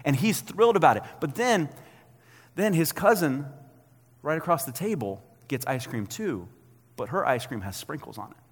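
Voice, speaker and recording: A man in his thirties preaching a sermon as a pastor, talking conversationally and acting out quotes in an animated way. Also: fairly high pitch, normal speed, husky, big-room sound.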